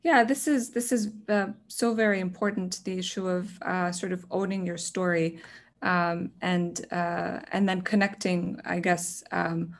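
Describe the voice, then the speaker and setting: A woman's voice: on the low side, steady tone, measured pace. A woman interviewer asking an author about her book, hesitant and full of fillers. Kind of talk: interview questions.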